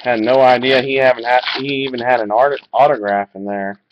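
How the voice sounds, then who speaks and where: A man's voice: medium pitch, a little fast, a little hiss or hum. Man calling card pulls on dull webcam audio. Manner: excitable, reacts to pulls. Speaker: card breaker. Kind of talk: live card break commentary. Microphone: webcam mic.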